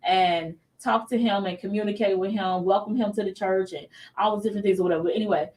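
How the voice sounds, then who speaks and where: A woman's voice: mid-range voice, quick pace, distant mic. A woman in her thirties hosting a casual faith talk show, telling stories animatedly and acting out what people said. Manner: animated storytelling, acts out quotes. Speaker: show host.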